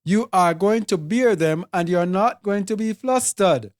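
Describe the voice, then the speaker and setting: A Bible teacher with a Jamaican accent preaching a sermon, speaking deliberately and repeating and listing words for emphasis. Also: medium pitch, a little mellow.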